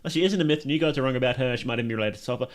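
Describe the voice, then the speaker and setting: A man's voice: medium pitch, very fast. A young man with an Australian accent, chatting casually with his live stream chat and laughing often.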